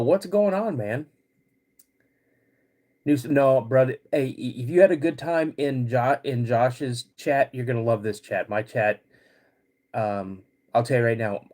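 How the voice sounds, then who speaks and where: A man in his fifties hosting a live podcast stream, greeting chat viewers by name in a halting way while getting over a cold. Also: mid-range voice, a little mellow. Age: 50s. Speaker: podcast host.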